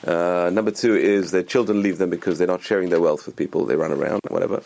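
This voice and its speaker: Man giving a religious talk, talks quick, gravelly voice, says stuff twice for emphasis. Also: low-pitched, fairly even intonation, darkish tone. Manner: enthusiastic, repeats words for emphasis.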